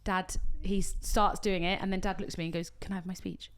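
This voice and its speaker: A British woman and wedding coordinator, co-hosting a podcast and telling an animated story full of acted-out quotes. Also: fairly low pitch, fast, clean tone. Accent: British English. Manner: animated storytelling, acts out quotes, swears casually. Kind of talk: casual chat, storytelling.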